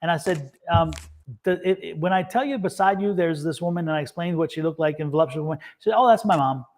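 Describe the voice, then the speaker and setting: A chatty man hosts a live tarot session over a video call, talking in a casual, rambling way. His voice sits a bit high for a man. He repeats words and laughs often. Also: fast talker, darkish tone. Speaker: tarot reader and co-host. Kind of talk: casual livestream chat.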